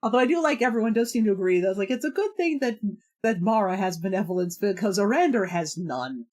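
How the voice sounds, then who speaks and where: A woman's voice: mid-range voice, expressive, fast, a little mellow. Giggly, rambling woman streamer. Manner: rambling, laughs often, many fillers. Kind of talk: casual live-stream chat.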